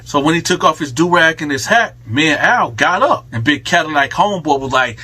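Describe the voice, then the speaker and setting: A man telling a story in a casual storytime style, animated and slangy. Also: a little high, fairly quick, hardly any pauses, slightly rough.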